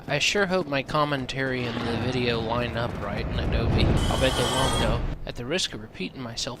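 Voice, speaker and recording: A man's voice: mid-range voice, moderate pace, hardly any pauses, very noisy. A man giving casual, sarcastic gameplay commentary, joking and swearing freely.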